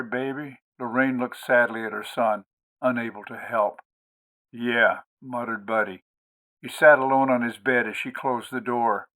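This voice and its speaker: A man hosting and narrating an audiobook in a measured, expressive way. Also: medium pitch. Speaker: audiobook reader, host.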